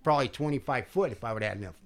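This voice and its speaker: A man's voice: medium pitch, expressive, rapid-fire. A man co-hosting a podcast, telling a rowdy, profane story in casual chat and laughing often. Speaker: podcast co-host.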